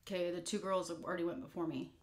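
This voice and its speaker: A woman's voice: on the low side, fairly even intonation, fast. A woman vlogger telling a story while eating, candid and blunt, rambling with fillers. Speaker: mukbang vlogger.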